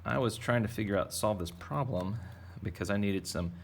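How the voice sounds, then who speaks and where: A man's voice: fairly low pitch, moderate pace, creaky, slight background noise. A man teaching a drawing lesson for kids, talking in a playful, rambling, jokey way as he draws. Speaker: art teacher.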